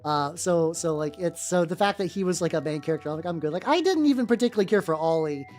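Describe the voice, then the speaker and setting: A woman streamer chatting casually as she paints miniatures, rambling and blunt, full of fillers and swearing, pausing to greet her chat viewers. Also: on the low side, lively intonation, a little mellow. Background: faint background music.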